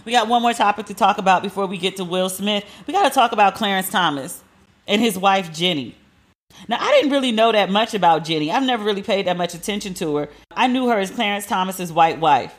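Animated woman in her forties riffing. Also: mid-range voice, a little fast. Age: 40s. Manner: animated, acts out quotes in different voices. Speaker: podcast host. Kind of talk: casual solo commentary.

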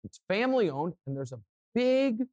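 A young man co-hosting a sports podcast, telling stories and giving strong opinions in an animated way. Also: high-pitched, moderate pace, no room sound. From Kansas City, US. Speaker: podcast co-host. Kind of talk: casual sports talk.

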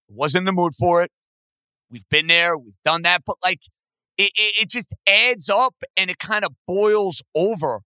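Male sports talk host, bright forceful voice, dry close sound; angry sarcastic rants. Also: on the high side, clear, resonant tone, no echo, poor audio. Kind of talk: sports talk podcast rant.

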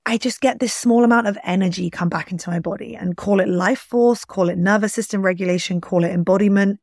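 A woman's voice: medium pitch, fast talker, a little mellow, dry recording, studio quality. A woman in her thirties hosting a solo podcast, speaking candidly and confessionally about her own life, with lots of "like". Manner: candid, confessional, heavy use of "like". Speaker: podcast host. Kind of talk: solo podcast, personal reflection.

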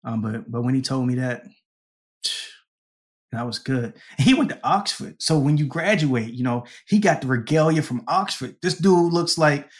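Animated male storyteller, guest. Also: mid-range voice, unhurried. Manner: animated, laughs often, acts out quoted people. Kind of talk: conversational storytelling.

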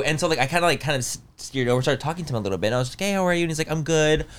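Fast-talking young man telling a story. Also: on the high side. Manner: animated, quoting others in lively voices. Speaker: podcast co-host. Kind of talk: casual storytelling chat.

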